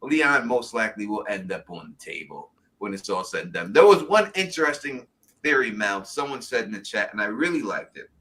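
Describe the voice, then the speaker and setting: A man with a New York accent hosting a casual TV recap chat, talking in an animated, rambling way with frequent chuckles. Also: on the low side, brisk. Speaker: podcast host.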